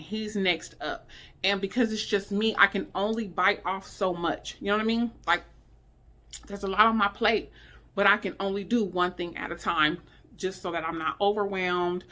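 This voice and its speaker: A woman's voice: mid-range voice, sharp tone. Woman, middle-aged, weary, emotional, rambling vlog talk, filler-heavy, at home. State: weary and low in spirits. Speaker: vlogger. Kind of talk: candid personal vlog talk. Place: indoors at home.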